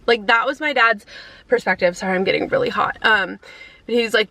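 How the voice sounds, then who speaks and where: A woman in her thirties chatting casually to camera from her car, emotional and near tears, halting with many fillers. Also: mid-range voice, sharp tone, no room sound, poor audio. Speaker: vlogger. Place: inside a car.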